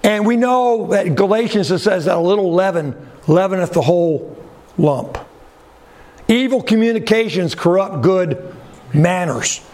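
Slow, high-voiced preacher man. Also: darkish tone. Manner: deliberate, emphatic preaching with rhetorical questions; drops pitch sharply at the ends of phrases. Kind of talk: sermon.

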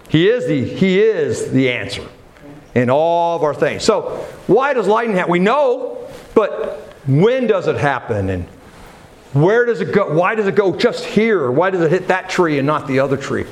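A man's voice: fairly high pitch, big pitch swings, normal speed. A man preaching a sermon in a church, talking casually and putting questions to his congregation. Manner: conversational, asks questions of the congregation.

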